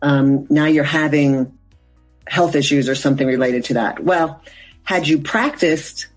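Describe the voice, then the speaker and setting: Husky woman explaining calmly. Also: sits low, measured pace, faint music behind, low-quality recording. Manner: earnest, explanatory, loose sentences with fillers. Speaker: mindfulness coach, guest. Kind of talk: interview answers.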